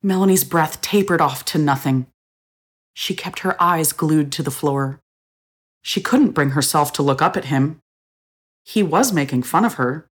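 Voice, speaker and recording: Low-voiced woman narrating a story. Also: a little slow, breathy edge.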